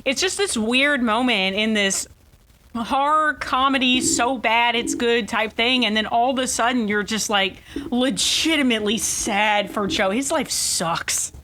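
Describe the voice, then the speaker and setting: Woman, podcast co-host, chatty and sympathetic, fairly high pitch, bright tone. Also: a little slow, a little hiss or hum. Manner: chatty, sympathetic, agreeing often. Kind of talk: casual movie recap chat.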